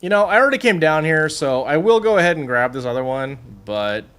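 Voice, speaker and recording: A man with a somewhat high, very animated voice, chatting his way through a game. He mutters over numbers, then jumps into excited squeals as he talks to his animals. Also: fairly quick, smooth. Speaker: streamer. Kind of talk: casual gameplay commentary.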